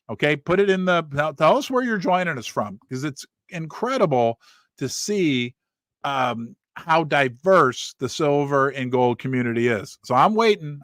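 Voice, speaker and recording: A middle-aged man with a fairly high voice hosts a livestream in a casual chat. His pitch swings widely as he reads out viewers' names and places in quick, animated bursts. The sound is close and dry. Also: dry recording. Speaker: livestream host.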